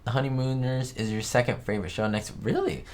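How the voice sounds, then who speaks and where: An American man hosts a casual live-stream chat show, rambling chattily and reading viewer comments aloud over a webcam setup. His voice is medium-pitched and steady, and he talks a little fast.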